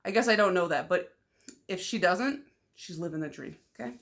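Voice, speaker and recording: A young woman from Michigan talks through her nail polish vlog in a loose, rambling way. Her sentences are full of "like" fillers and restarts. She gets loud and excited easily and laughs often. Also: lowish voice, moderate pace. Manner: chatty, rambling, lots of "like" fillers. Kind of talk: casual vlog chat.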